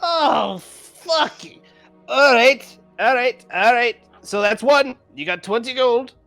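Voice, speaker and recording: A man's voice: very high voice, animated, slow pace, fairly bright tone, soft background music, pitched above the performer's own voice, heavily acted. A man doing a rowdy dwarf barkeep. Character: gruff older male dwarf running drinking contest.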